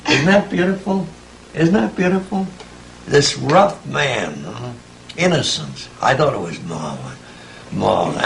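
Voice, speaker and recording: A man's voice: fairly low pitch, vocal fry, slight background noise, low-quality recording. A man in his eighties, answering interview questions with reflective stories and chuckling asides. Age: 80s. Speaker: interviewee, writer. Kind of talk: conversational interview, storytelling.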